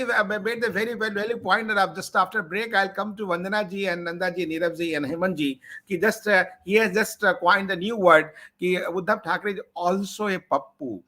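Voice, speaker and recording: A man's voice: high-pitched, sharp tone. A man hosting a political panel, speaking in broken phrases and calling on guests by name. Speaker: host and moderator.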